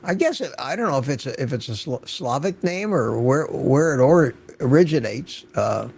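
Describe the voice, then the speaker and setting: A man's voice: a little high, lively intonation, moderate pace, gravelly, a little mellow, slightly rough. An older man hosting an unscripted livestream, chatting casually and greeting viewers by name from the chat. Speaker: livestream host.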